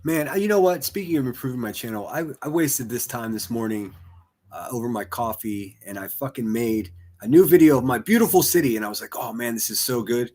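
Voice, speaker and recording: A man's voice: mid-range voice, animated, brisk, darkish tone. A man streaming and commentating, swearing constantly in a crude, mocking rant. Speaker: streamer reacting to other streams. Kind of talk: profane ranting commentary.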